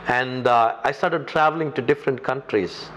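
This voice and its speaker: A man's voice: mid-range voice, moderate pace, fairly bright tone, a little hiss or hum. Indian-accented male pastor preaching. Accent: Indian English. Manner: emphatic, repetitive preaching. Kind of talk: sermon.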